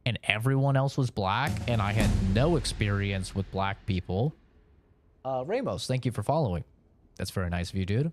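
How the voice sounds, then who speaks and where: A young man from Oregon, chatting casually with his stream chat in a rambling, profane way, laughing between points. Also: medium pitch.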